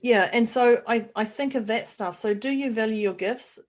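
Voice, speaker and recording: A middle-aged woman co-hosting a casual podcast chat, animated and laughing often as she acts out quoted voices. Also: on the high side, moderate pace. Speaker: podcast co-host.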